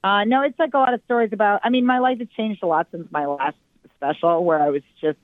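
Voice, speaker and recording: A woman's voice: mid-range voice, dry recording. A woman comedian telling self-deprecating stories as an interview guest. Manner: self-deprecating, playful, with quick asides. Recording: tinny phone line.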